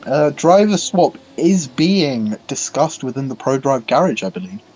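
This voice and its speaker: A man's voice: medium pitch, big pitch swings, a little slow, a little mellow, husky, lo-fi sound. A man, co-commentating a sim race in a casual, informative way. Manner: informative, mock-formal when reading promos.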